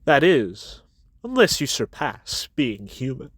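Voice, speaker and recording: A man's voice: medium pitch, sing-song, slow pace, slightly rough, dry recording, voice pushed down, full character voice. A man voicing a smug scheming young villain. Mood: sly.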